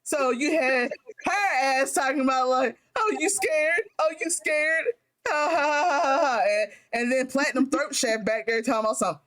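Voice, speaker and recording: A woman co-hosting a casual podcast chat, telling stories in a brash, profane, animated way. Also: sits high, brisk, few pauses. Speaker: podcast co-host.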